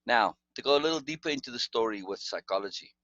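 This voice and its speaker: A man's voice: mid-range voice, lively intonation, moderate pace, fairly bright tone, dry recording, dull audio. A man telling a long personal story in casual conversation, rambling with restarts and asides. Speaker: guest storyteller.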